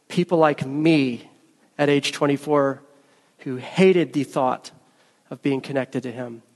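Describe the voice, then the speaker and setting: Male pastor, slightly higher voice, emphatic sermon delivery, long hall reverb. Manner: emphatic, earnest preaching with storytelling.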